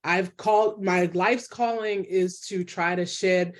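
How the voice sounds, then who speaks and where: A woman historian speaking as an interview guest, earnest and quick to laugh. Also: fairly low pitch, fairly even intonation. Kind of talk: conversational interview.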